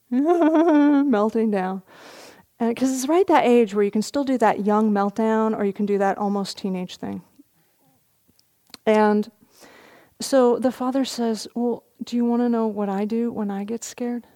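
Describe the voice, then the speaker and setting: Telling a story with gentle warmth and soft laughter, a middle-aged woman gives a dharma talk as a meditation teacher on retreat. Her voice runs on the high side, and she speaks a little slowly.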